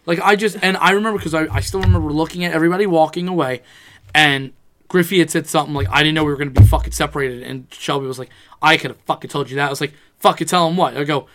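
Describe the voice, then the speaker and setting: A man's voice: a little high, fairly even intonation, very fast, a bit bright. A young man telling a rambling, profane story in a casual chat among friends.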